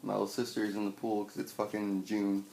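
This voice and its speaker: A young man in his twenties, swearing a lot and telling a personal story with wry humor, acting out scenes loudly at times. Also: on the low side, completely flat delivery, fast, vocal fry. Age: 20s. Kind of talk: personal storytelling, stand-up style. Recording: echoey room with faint noise.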